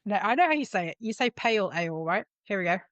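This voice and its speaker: A woman's voice: medium pitch, animated, quick pace, fairly bright tone, no echo. A woman co-hosting a podcast, chatting in a teasing, playful way. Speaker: podcast co-host, former MP. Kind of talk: casual chat.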